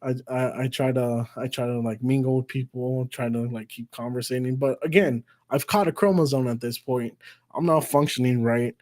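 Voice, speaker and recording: A man's voice: medium pitch, steady tone, normal speed, darkish tone. A man hosting a live stream, telling a story in a casual, profane, rambling way and laughing at himself. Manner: profane and rambling, with frequent swearing and restarts; self-mocking, laughs at his own story.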